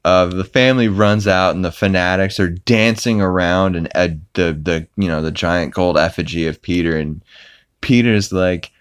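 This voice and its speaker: A man's voice: low-pitched, moderate pace, smooth, no room sound. A man hosting a podcast, recapping an episode in a casual, rambling way with many fillers and restarts. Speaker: podcast host.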